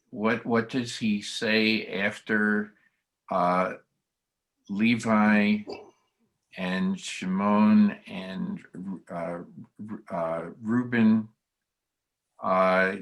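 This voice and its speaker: Slow, halting man leading a study. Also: on the low side, fairly even intonation, a bit bright. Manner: halting, many restarts. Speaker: study group leader. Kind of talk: leading a video-call text study. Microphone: video call.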